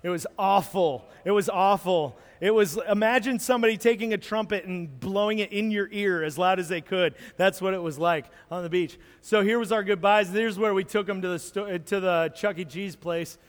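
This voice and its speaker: A man, a pastor, telling a lively story from a mission trip during a sermon, acting out moments as he goes. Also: sits high, fairly quick, few pauses. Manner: animated storyteller, acts out moments. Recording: long hall reverb.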